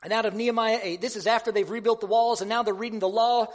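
A man delivers a sermon in a high, light voice. He talks like he's chatting with friends, pokes fun at himself, and often stops to restart a thought. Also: steady tone. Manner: conversational, self-deprecating, halting restarts. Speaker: preacher.

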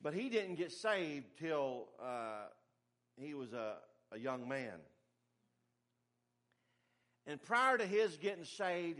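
Pastor, male, middle-aged; emphatic, folksy sermon delivery, slightly high-pitched. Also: a bit bright. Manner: folksy, emphatic preaching with asides and humor.

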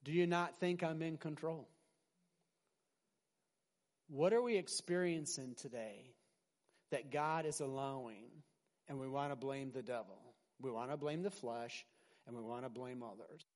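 A middle-aged man preaching a sermon as pastor, animated, swinging from loud emphasis to quiet asides and often restarting his words. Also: mid-range voice, a little slow, pauses often. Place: large hall with a congregation. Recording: long hall reverb.

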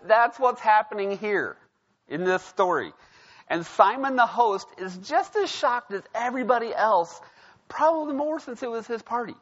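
A man's voice: sits high, expressive, moderate pace, fairly bright tone. A man preaching a sermon as pastor, casual and conversational, telling a story and often checking in with the crowd. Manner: conversational, storytelling, frequent "right?". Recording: dull lo-fi sound.

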